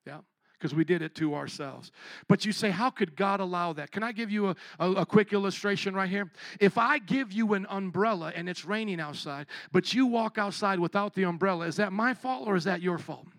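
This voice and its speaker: High-voiced man preaching to a congregation. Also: fairly quick, a bit bright, dry recording, rough recording. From Chicago. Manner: preaching, urging the congregation to answer back. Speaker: pastor. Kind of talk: sermon.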